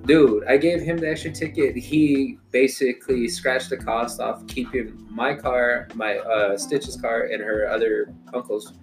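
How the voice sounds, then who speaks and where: A man's voice: medium pitch, fairly even intonation, unhurried, hardly any pauses, faint music behind. A young man in casual chat, telling a loose, profane story among friends.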